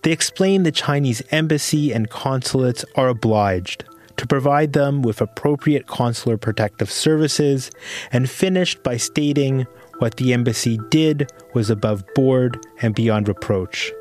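A man's voice: medium pitch, soft background music. Man reading a news report. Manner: measured, even reporting. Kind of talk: scripted news narration.

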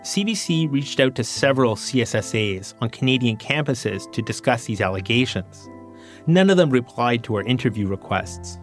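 A male reporter narrating a news story in a measured, scripted way. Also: medium pitch, lively intonation, faint music behind.

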